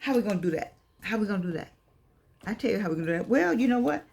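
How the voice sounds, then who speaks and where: A middle-aged woman delivers a motivational talk in a preachy, animated way. She leans on call-and-response and casual vernacular phrasing. Her pitch swings up and down a lot, and she often pushes her voice louder for emphasis. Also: very fast, creaky, a little hiss or hum. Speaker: motivational speaker.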